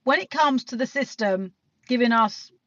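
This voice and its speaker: A woman's voice: fairly high pitch, normal speed, a bit bright, dry recording. British woman, live streamer; loose, chatty delivery with casual swearing, dry and dull lo-fi audio. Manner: rambling, chatty, laughs often, swears casually. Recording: dull lo-fi sound.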